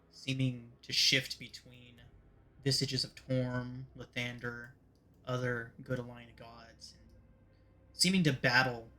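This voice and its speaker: A man narrating a tabletop game as game master, in a measured, descriptive way. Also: mid-range voice, bright, forceful tone.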